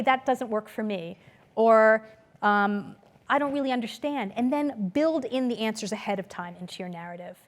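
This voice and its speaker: A woman lecturer giving a conference talk to an audience, storytelling in a lively way and acting out the voices she quotes. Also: fairly high pitch. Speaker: business school lecturer. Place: lecture hall.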